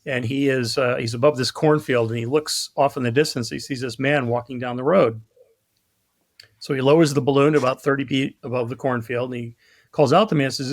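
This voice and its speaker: A man's voice: medium pitch, fairly even intonation, fast. A man from New York, a guest in a casual podcast conversation, telling stories and jokes with a cynical, self-deprecating humor and acting out the voices. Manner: storytelling, acts out voices in jokes. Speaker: guest, product marketing lead.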